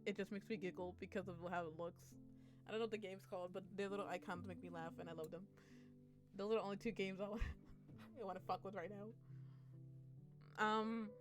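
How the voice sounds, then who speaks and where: Young woman streaming, yapping and cussing, laughs a lot, medium pitch, a bit of music in the back. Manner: rambling, profane and laughing. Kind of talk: casual live-stream chat.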